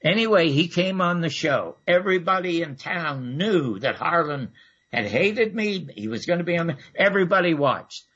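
A man's voice: a little high, animated, moderate pace, fairly bright tone, breathy edge, lo-fi sound. A man telling a rambling anecdote as a radio guest, full of fillers and asides. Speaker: guest storyteller. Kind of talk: casual anecdotal storytelling.

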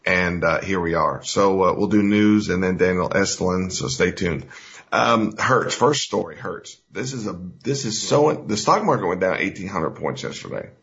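Deep-voiced male talk radio host. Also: expressive, moderate pace, creaky, fairly bright tone. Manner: emphatic, folksy, rambling with fillers. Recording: dull lo-fi radio recording.

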